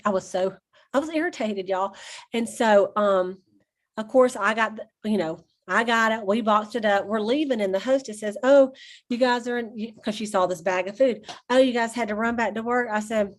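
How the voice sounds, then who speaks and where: A woman's voice: a little high, normal speed. A woman, casually talking to her sales team on a call, chatty and full of stories, laughing often. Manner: chatty storyteller, addresses listeners as y'all, laughs often.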